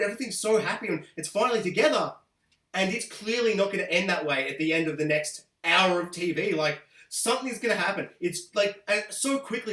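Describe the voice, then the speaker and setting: A man giving an excitable, gushing TV episode review, laughing often and dropping into voices to quote characters. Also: high-pitched, distant mic. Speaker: TV review host. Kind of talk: enthusiastic spoken TV review. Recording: roomy echo, a bit off-mic.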